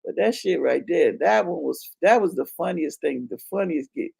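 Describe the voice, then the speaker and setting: A woman's voice: sits low, expressive, normal speed, vocal fry, mellow, slightly rough. A woman in her fifties telling a story in a casual chat, frank and profane, laughing as she goes. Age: 50s. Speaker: channel host.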